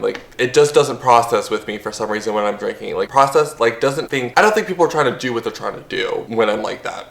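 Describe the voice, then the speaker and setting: A man's voice: medium pitch, a bit bright, reverberant. A young man telling a story to camera in a chatty, casual way, full of fillers and swearing. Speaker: vlogger.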